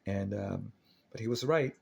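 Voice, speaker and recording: A man's voice: lowish voice, a little slow, creaky, a little mellow, breathy edge. A man telling a personal story in a casual, rambling, earnest way, often restarting his sentences.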